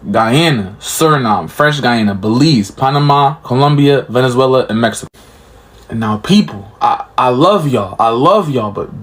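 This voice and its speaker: A man hosting a reaction commentary, explaining points emphatically one by one. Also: mid-range voice. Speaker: commentary host.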